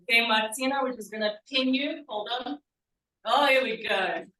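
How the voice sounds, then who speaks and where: A woman hosting a club meeting and introducing speakers in a lively, playful way. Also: fairly high pitch, moderate pace, slight background noise. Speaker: meeting host. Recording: echoey room, far from the mic.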